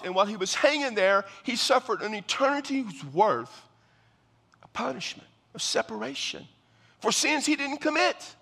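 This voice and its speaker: A man's voice: sits high, sharp tone. A man preaching a sermon as pastor, earnest and emphatic, often repeating his phrases. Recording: long reverb of a large hall.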